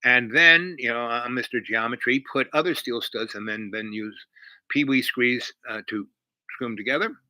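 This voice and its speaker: A man's voice: medium pitch, normal speed, no room sound, poor audio. A man telling a long personal story in a rambling, casual way, full of fillers and asides. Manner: rambling, heavy on fillers, animated.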